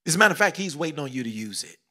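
Delivering a sermon at rapid-fire speed, this middle-aged pastor has a voice on the high side with a sing-song lilt. He moves from loud exclamations to hushed whispers, repeats phrases and throws questions out to the congregation.

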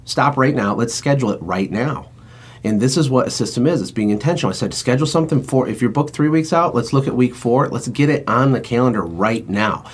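A man hosting a podcast, an entrepreneur talking in an energetic, emphatic, motivational way. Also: medium pitch, a little fast, breathy edge. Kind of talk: casual chat.

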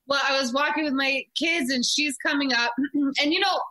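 A woman's voice: high voice, moderate pace, bright, forceful tone, low-quality recording. A middle-aged woman, a podcast guest, chatting casually and telling a story in a heated, profane way.

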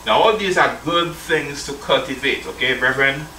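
Man preaching, bright voice, scripture reading, call-and-response, echoey room, distant mic. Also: medium pitch, moderate pace, a little hiss or hum. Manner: addresses listeners as brethren, asks call-and-response questions. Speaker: elder preacher. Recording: roomy sound from a distant mic.

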